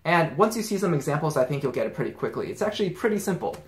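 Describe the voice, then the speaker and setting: A man's voice: fairly high pitch, very fast. Male teacher, casual lesson, easygoing step-by-step explainer, echoey room. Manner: relaxed, explains step by step with examples. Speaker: language teacher. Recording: roomy echo.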